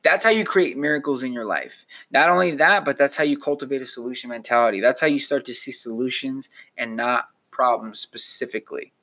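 A man's voice: mid-range voice, a little fast, few pauses, bright, forceful tone. A young man hosting a solo motivational podcast, talking in an earnest, rambling way with lots of fillers and restarts. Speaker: podcast host.

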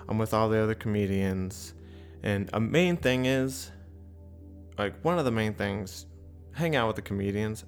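A man's voice: on the low side, roomy sound. Profane, rambling male stand-up comic. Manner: profane, rambling, self-deprecating. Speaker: stand-up comedian. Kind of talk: stand-up set and casual recap. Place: comedy club stage.

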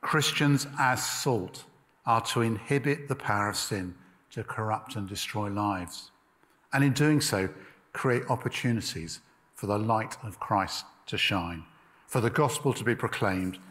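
A man preaching a sermon in a measured, emphatic way, with pauses. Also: on the low side, fairly bright tone, long reverb tail.

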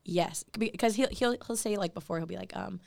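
Gravelly young woman, earnest podcast chat. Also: mid-range voice, brisk, darkish tone. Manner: earnest, many "like" fillers. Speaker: podcast co-host. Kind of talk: casual faith podcast chat.

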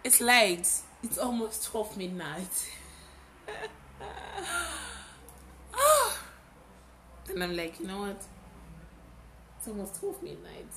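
A young adult woman hosting a podcast, telling a personal story in a casual, animated way and repeating words for emphasis. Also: medium pitch, unhurried, pauses often, slight background noise. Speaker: podcast host.

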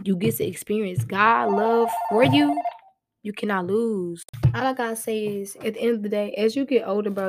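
A woman's voice: mid-range voice, a little mellow, no room sound, clean studio sound. A young woman hosting her own podcast, giving heartfelt motivational talk in casual, slang-filled speech. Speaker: podcast host.

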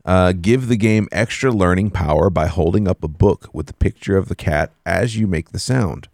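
A young man co-hosting a casual chat, relaxed and jokey, sometimes mimicking voices for laughs. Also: sits low, moderate pace, dry recording, studio quality. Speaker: podcast co-host.

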